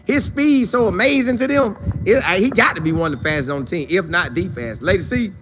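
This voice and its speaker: A man hosting a casual sports talk live stream, shouting out viewers by name in loose, slangy, animated talk. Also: sits high, fast, noisy background.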